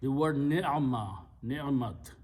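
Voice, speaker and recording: Slow, patient male grammar teacher. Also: mid-range voice, a little mellow. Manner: patient, explains step by step, repeats key words. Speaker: Quran Arabic teacher. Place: Islamic center classroom.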